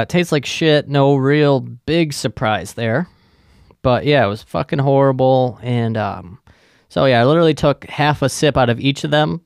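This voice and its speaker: Male podcast host, creaky voice, dry close sound, sarcastic rambling rant. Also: mid-range voice, no echo. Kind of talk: casual comedic monologue.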